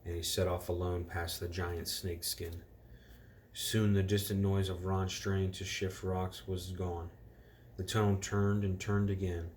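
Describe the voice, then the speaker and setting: A man reading a storybook aloud to children in a relaxed way, stopping now and then to correct himself and reread. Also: deep voice, a little slow, a little hiss or hum.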